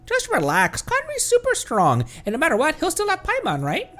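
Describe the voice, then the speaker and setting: A man voicing a chirpy little female fairy companion in bubbly, squeaky game dialogue. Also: wildly swooping pitch, normal speed, fairly bright tone, faint music behind, full character voice. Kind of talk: game dialogue read aloud on stream.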